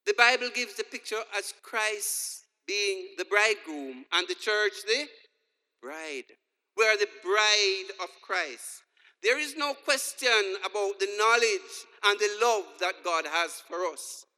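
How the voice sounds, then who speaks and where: In a church hall with long, large-room reverb, a preacher delivers his sermon slowly in a high, bright, forceful voice. He is animated, joking through his stories and performing each character's lines.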